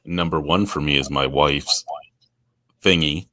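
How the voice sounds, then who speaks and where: A man's voice: very deep voice, a little slow, background noise. A man chatting on a beer livestream, telling crude, profane jokes and laughing often. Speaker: co-host on a beer review stream. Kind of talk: casual chat on a livestream. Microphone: remote stream call.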